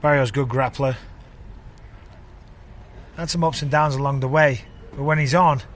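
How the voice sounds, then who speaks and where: A man's voice: mid-range voice, steady tone, moderate pace. A man giving enthusiastic fight commentary, full of praise for the fighters. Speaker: pundit. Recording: live arena with crowd noise.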